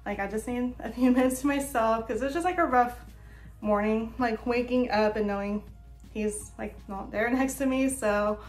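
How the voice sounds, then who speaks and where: A woman's voice: fairly high pitch, normal speed, soft background music. A young woman talking casually to camera in a vlog, chatty and full of fillers. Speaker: vlogger. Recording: echoey room.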